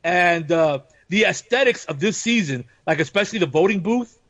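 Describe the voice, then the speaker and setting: A man in casual podcast chat, animated and laughing often, sometimes slipping into playful quoted voices. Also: high-pitched, normal speed, no echo, lo-fi sound. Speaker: podcast guest.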